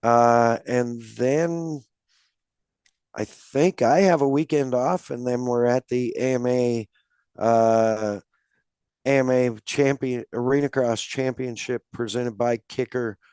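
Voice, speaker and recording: A man hosting a casual podcast, speaking at an unhurried, meandering pace with plenty of filler words. His voice sits at an ordinary pitch and sounds dry and close to the mic. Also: steady tone, darkish tone, clear, resonant tone, dry recording. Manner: unhurried, rambling with many fillers. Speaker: podcast host.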